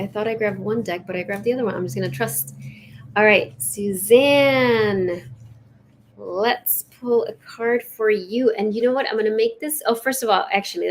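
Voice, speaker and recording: A woman hosting a live spiritual session, chatting casually and reading oracle cards aloud in an expressive, lilting way. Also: medium pitch. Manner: warm, chatty, lilting and expressive, with soft laughs.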